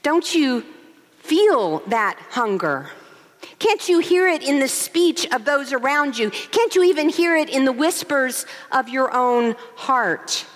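Here the co-pastor, a woman in her forties, speaks in a high voice, a little slowly and with few pauses. Preaching in a large sanctuary, she tells expressive stories and asks rhetorical questions, and the hall's long reverb lingers around her words.

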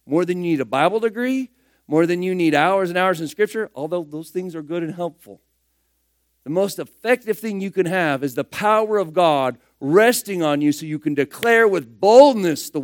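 A man preaching a sermon, firing rhetorical questions and swinging between loud emphatic bursts and hushed asides. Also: fairly high pitch, no echo, clean studio sound.

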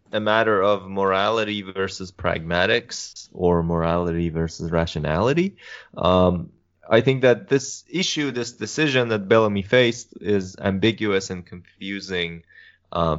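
A young man, a philosophy student, talking through ideas on a podcast in a measured, methodical way with many pauses. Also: low-pitched, a bit bright. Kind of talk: casual podcast discussion. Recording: dull lo-fi podcast audio.

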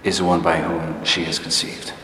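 A man preaching a sermon, telling a personal story in a halting, conversational, self-deprecating way with many restarts. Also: extremely low pitch, little pitch movement, bright, forceful tone. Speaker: pastor. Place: church hall before a laughing congregation. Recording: echoey hall, distant room noise.

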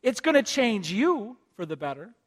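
A man preaching a sermon who asks his congregation question after question and swings between loud urgent appeals and hushed, almost whispered lines. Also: high voice, big pitch swings, moderate pace. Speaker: pastor.

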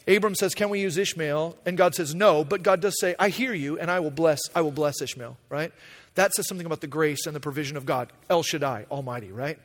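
A man preaching a sermon, animated, acting out paraphrased dialogue in a casual voice. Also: high voice, in a large hall. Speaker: pastor.

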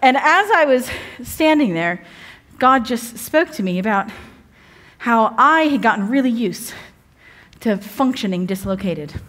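Female guest preacher, conversational and humorous, a touch high-pitched. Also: a bit bright. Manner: chatty, humorous, self-interrupting. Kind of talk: sermon. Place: church evening service.

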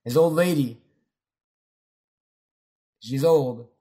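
A man's voice: mid-range voice, extremely slow, dark tone. A young man in casual chat, rambling and swearing freely as he jumps between stories and quotes. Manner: rambling, swears often, quotes movie lines.

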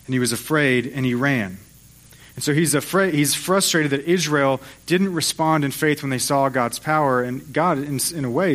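A man preaching as a pastor, retelling an old story with storytelling flair. He speaks at a middle pitch and slips briefly into the voices of the people he describes. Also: a bit bright. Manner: storytelling, acts out voices of biblical figures. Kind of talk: sermon.

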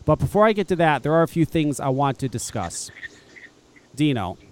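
High, lively-voiced man ranting on a podcast. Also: moderate pace, a little hiss or hum. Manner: profane, scornful, laughing rants. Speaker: podcast host. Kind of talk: casual ranting chat.

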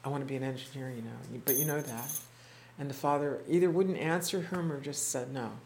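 A teacher speaking to a small class, retelling stories in a reflective, unhurried way, acting out the quoted voices and often restarting words. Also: mid-range voice, darkish tone, slight background noise. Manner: halting restarts and repeated words. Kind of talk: storytelling talk to a small group. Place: indoor room with a small group.

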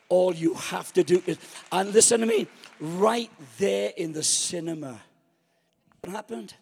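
A man's voice: sits high, a little slow, creaky, darkish tone, husky, in a large hall. A man preaching a storytelling sermon, acting out his own past thoughts.

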